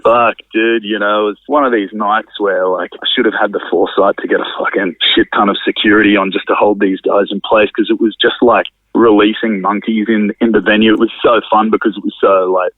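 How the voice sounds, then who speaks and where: A man's voice: lowish voice, little pitch movement, fairly quick, hardly any pauses, dry recording. A man, a drummer and venue owner, chatting casually as a podcast guest, rambling and swearing freely. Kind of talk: casual conversational interview. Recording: narrow phone-like sound, dry.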